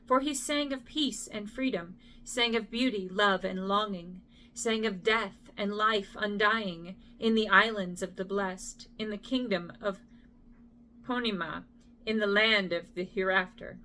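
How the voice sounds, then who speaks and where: A woman's voice: medium pitch, unhurried, sharp tone, slight background noise. A middle-aged woman reading a poem as a bedtime story. She trips over the hard names and breaks off to apologize and joke at her own expense. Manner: stumbles over names and apologizes with self-deprecating asides.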